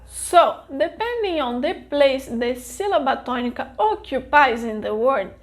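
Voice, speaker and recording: A Brazilian woman who speaks Portuguese natively teaches a scripted language lesson. Her voice is high-pitched, and she speaks clearly and deliberately.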